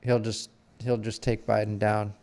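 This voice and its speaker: Gravelly man giving blunt opinions. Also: lowish voice, level tone, a little mellow. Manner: opinionated, restarts sentences, deliberate. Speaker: podcast co-host. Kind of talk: casual chat.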